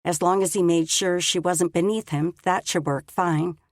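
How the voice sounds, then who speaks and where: A woman narrating a story in a calm, measured audiobook reading. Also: on the low side, no echo, clean studio sound. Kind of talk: scripted narration.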